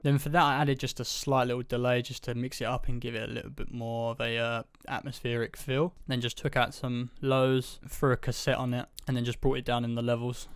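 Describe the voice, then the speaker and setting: A man's voice: mid-range voice, a little fast, few pauses, clear, resonant tone, no echo. Male producer narrating his own beat, easygoing, level delivery, clean and dry. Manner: relaxed, offhand, loose run-on steps. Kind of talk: casual screen-recorded production tutorial.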